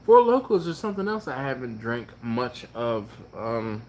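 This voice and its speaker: A man hosting a barbecue live stream, chatting casually and reading viewer comments aloud, with a laid-back, chuckling manner and drawn-out exclamations. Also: mid-range voice, sing-song, darkish tone, slight background noise. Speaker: barbecue channel host.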